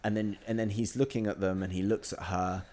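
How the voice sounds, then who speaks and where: A man's voice: fairly low pitch, fairly even intonation, brisk, darkish tone. A man improvising a comic story, rambling, laughing often and restarting his sentences.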